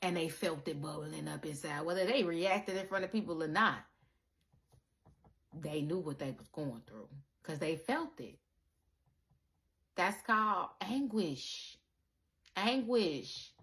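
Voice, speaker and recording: A woman giving a casual spiritual monologue to her viewers, animated and profane, calling the listener baby and acting out the people she quotes. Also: fairly low pitch, takes it slowly, pauses often. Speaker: spiritual content creator.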